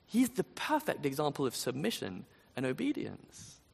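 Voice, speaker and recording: A man's voice: medium pitch, huge pitch swings, moderate pace, vocal fry, darkish tone. A man preaching a sermon, earnest and emphatic, often asking his listeners rhetorical questions. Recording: long reverb of a large hall.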